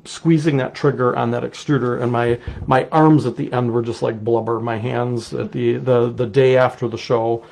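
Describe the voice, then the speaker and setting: Gravelly-voiced Wisconsin man teaching clay. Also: mid-range voice, normal speed, hardly any pauses, a little hiss or hum. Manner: relaxed, chatty, explains while working. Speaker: clay artist teaching a technique. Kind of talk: casual live demonstration.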